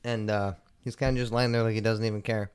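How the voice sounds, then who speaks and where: A young man hosting a casual podcast, rambling and swearing a lot, stoned and relaxed, with lots of filler words. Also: fairly low pitch, fast, smooth. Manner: rambling, profane, laid-back, lots of "like" fillers. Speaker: podcast host. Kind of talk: casual solo podcast chat.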